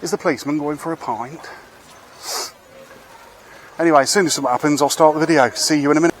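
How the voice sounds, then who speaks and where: A fast-talking man with a slightly high, steady voice wanders town streets outdoors, recording on his own camera as a street vlogger. His commentary is casual, rambling and wry, with occasional swearing, over slight background noise.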